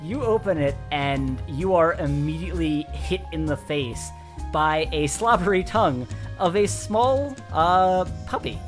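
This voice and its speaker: A game master narrating a tabletop game in a relaxed way, with frequent fillers. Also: mid-range voice, measured pace, music in the background.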